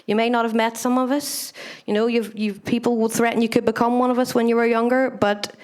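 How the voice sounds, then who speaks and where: A woman's voice: a little high, little pitch movement, a little fast, darkish tone, clean tone. A young woman performing stand-up comedy on a club stage, chatty and self-mocking, swearing freely and laughing at her own lines.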